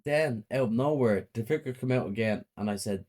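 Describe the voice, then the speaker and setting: A man narrating a first-person horror story in a plain, flat reading. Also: mid-range voice, fairly quick.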